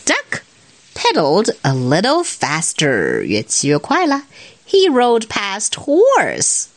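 A mother with a Chinese accent, whose first language is Mandarin, reads a picture book aloud to her child in a lively way and explains it as she goes. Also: medium pitch, slow, no echo. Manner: lively, mixes English reading with Mandarin explanations. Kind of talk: shared picture-book reading.

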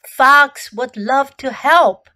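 Storybook role: a firm, matter-of-fact fox mom, slow and bright, read by a woman. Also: high-pitched, exaggerated voice. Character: brisk no-nonsense fox mother.

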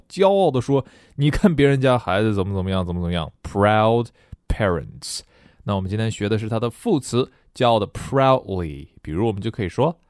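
A man's voice: fairly low pitch, dry recording, clean studio sound. A middle-aged man hosting a recorded language lesson. He jokes as he explains words and reads example sentences aloud. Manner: lively and joking, switching between explaining and reading aloud. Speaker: English teacher.

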